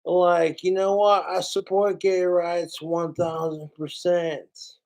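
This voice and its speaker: A man's voice: sits high, level tone, takes it slowly, vocal fry, darkish tone. A man hosting a podcast, ranting in a casual, heated and profane way. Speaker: podcast host.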